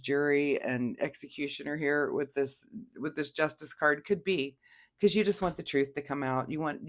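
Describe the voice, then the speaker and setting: A woman giving a casual weekly tarot reading, chatty, laughing often and talking through fillers and restarts. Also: deep voice. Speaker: tarot reader.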